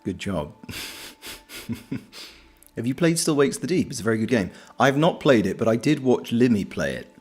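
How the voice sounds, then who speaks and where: A man's voice: medium pitch, very animated, normal speed, long pauses, a little mellow, slightly rough, faint music behind. A British man streaming, chatting casually and reading out viewer comments in a joking, self-deprecating, rambling way. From Britain.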